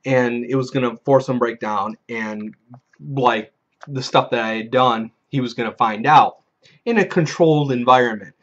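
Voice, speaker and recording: A man's voice: mid-range voice, normal speed. A man hosting a video, casually telling a rambling, profane story from a tabletop game and acting out the players he quotes. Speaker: video host. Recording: dull lo-fi recording.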